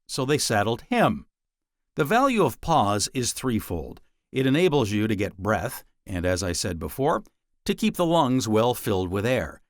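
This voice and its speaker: A man reads an old book aloud as an audiobook narrator, in a measured and deliberate voice. His pitch rises and falls a great deal as he leans into key words. The sound is dry and close, with no room around it. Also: dry recording. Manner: measured, deliberate reading with dramatic pauses.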